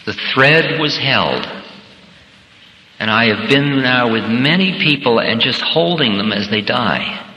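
A man's voice: medium pitch, lively intonation, slow, sharp tone. A man giving a reflective, conversational workshop talk as a spiritual teacher, now and then acting out little scenarios. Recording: echoey hall with long reverb.

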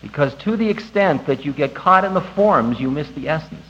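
A man giving a conversational spiritual talk to an audience, animated and laughing at himself. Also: fairly high pitch, normal speed. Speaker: spiritual teacher. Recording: dull lo-fi recording with faint ambience.

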